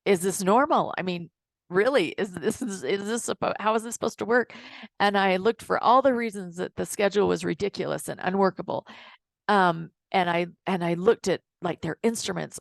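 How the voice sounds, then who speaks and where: A middle-aged woman, a dental hygienist and coach, telling a work story to an audience in a lively way, acting out what people said. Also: lowish voice, creaky, no room sound. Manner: storytelling, animated retelling with quoted dialogue. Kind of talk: casual talk to an audience.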